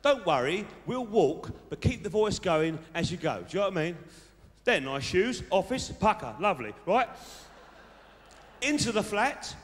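A man's voice: high-pitched, big pitch swings, moderate pace. A man playing a boastful South London lad who gives dating tips in a live stand-up character act, full of tag questions. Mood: cocky. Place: large theatre stage with audience. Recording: live hall reverb, faint noise.

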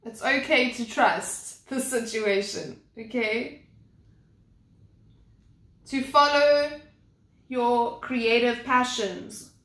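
A young woman giving a slow, unhurried oracle card reading, her voice bright and lifted a little high. She rambles, circles back and restarts often. The sound is echoey, as if recorded in a bare room. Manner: rambling, with many fillers and restarts. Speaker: tarot and oracle card reader. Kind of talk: casual spoken card reading.

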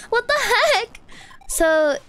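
A woman's voice: very high-pitched, big pitch swings, very slow, pushed and bright. A woman streaming a game, reacting in a giggly, flustered way. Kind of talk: casual game-stream commentary.

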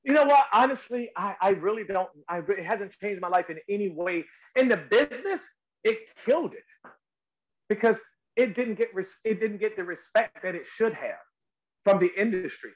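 A middle-aged male actor, a guest on a talk show, tells stories in a lively, emphatic way and acts out quotes. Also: sits high, normal speed. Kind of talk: animated interview storytelling. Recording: slightly dull lo-fi audio.

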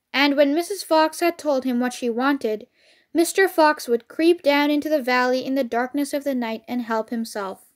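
A woman with a high, light voice reads a children's storybook aloud. She narrates clearly and with expression, in a read-along style.

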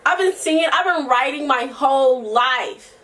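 A young woman vlogging in a casual, rambling chat to camera, slangy and profane, often laughing and sometimes breaking into soft singing. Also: sits high, expressive, normal speed, recorded from a distance.

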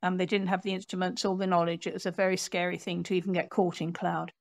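A woman author, a guest on an interview podcast, telling a history story in a lively storyteller's way and acting out what people said. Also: lowish voice, fast, vocal fry, no echo, studio quality. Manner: animated storyteller, acts out quotes.

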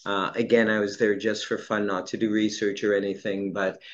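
A man's voice: on the low side, level tone, moderate pace. A man interviewing, reminiscing in a rambling way and stopping to search for names and dates. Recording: dull lo-fi sound.

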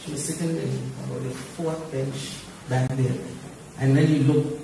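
A man leading a wake service, telling stories in a brisk, lively way. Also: mid-range voice, gravelly. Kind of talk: service officiating and anecdote. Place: large church hall. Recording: echoey church from far off, noisy.

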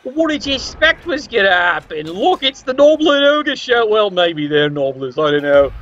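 A man's voice: high voice, very animated, normal speed, lo-fi sound, music in the background. A man commentating a tabletop sports game with wry, sarcastic asides.

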